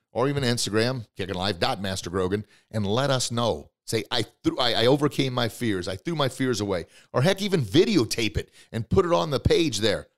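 A man hosting a motivational podcast, coaching listeners directly with excitement and bursts of emphatic shouting. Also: mid-range voice. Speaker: podcast host.

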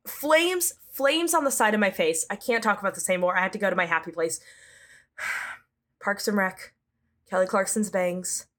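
A woman's voice: a little high, fairly bright tone. A woman hosting a solo news podcast, sarcastic and exasperated, breaking into jokey asides as she rants about politics. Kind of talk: comedic solo news commentary.

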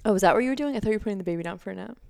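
A woman's voice: mid-range voice, lively intonation, racing, vocal fry, darkish tone. A young woman co-hosting a podcast, telling a story in a chatty way with lots of fillers. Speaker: podcast co-host. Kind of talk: casual chat.

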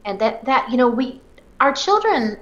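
A woman's voice: on the high side, very animated, moderate pace, a bit bright. A woman who writes parenting books, giving earnest conversational advice and acting out bits of dialogue. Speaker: parenting author and guest expert. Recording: echoey, dull lo-fi sound.

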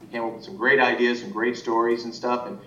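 A man's voice: level tone, fast talker, pushed and bright, recorded from a distance. Rambling male animation director, roomy sound. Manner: rambling, many restarts and fillers. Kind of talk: casual interview talk. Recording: roomy, muffled sound from off-mic with faint rumble.

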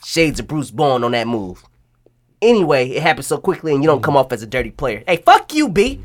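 A man's voice: medium pitch, animated, brisk. Man co-host, heated profane rant, slangy casual chat.

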